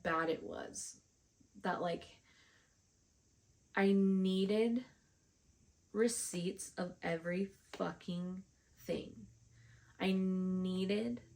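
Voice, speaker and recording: A woman telling a long storytime vlog in a slow, unhurried way. Her voice sits a little low and has a gravelly fry running through it. She sounds frustrated, swears freely and acts out what each person said. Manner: frustrated, swears often, retells with quoted dialogue. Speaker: vlogger.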